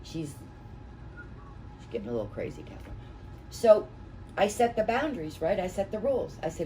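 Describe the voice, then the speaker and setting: A woman's voice: lowish voice, very animated, moderate pace, pauses often, warm tone. A middle-aged woman running a real estate training session, telling folksy stories to a small group. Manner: folksy, anecdotal, chatty storytelling. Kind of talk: classroom training talk. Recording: distant mic with room noise.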